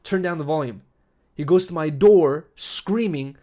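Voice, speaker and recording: A man's voice: on the high side, a little slow. A young man telling a story to his stream chat in a casual way. He swears a lot and keeps saying "bro" and "like.". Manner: profane, animated, full of "bro" and "like". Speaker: livestream host.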